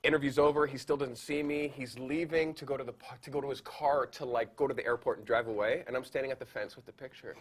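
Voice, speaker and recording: A man from Canada, a podcast guest, telling a story in an animated, casual way full of fillers. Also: mid-range voice, fast talker, hardly any pauses. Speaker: guest photographer.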